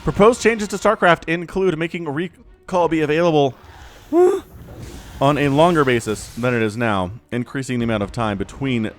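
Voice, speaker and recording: A man casting a strategy video game match on his own, excitable and chatty, laughing often and fighting the hiccups. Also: on the high side, normal speed, faint music behind. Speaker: game commentator. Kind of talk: solo esports play-by-play commentary.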